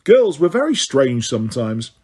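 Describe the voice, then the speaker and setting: Husky male audiobook narrator. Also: mid-range voice, very animated, moderate pace, darkish tone. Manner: occasional stumbles and restarts. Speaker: audiobook reader.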